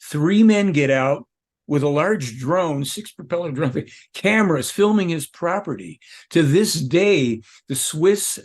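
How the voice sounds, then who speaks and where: A man speaking as an interview guest, rambling and emphatic, jumping from point to point. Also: fairly high pitch. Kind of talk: casual interview talk.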